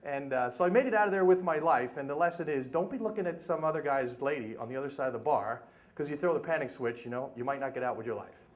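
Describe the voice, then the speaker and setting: A man's voice: mid-range voice, fast, slight background noise. A middle-aged man telling a humorous story live at a story slam, with chatty asides to the listeners. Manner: animated, humorous, conversational asides.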